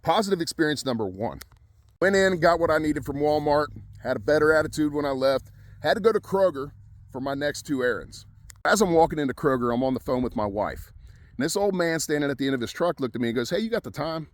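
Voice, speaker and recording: A man's voice: a little high, animated, fast. A middle-aged man from Ohio, a welding instructor, telling a personal story in a folksy, conversational way.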